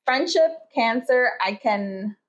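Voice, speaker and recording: A woman co-hosting a podcast, slipping easily into laid-back stories about her friends and cursing offhandedly. Her voice sits a touch above the usual pitch for a woman. The recording is a little dull and lo-fi. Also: expressive, takes it slowly. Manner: laid-back storyteller, swears casually. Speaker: podcast co-host. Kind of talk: casual chat. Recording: slightly muffled lo-fi audio.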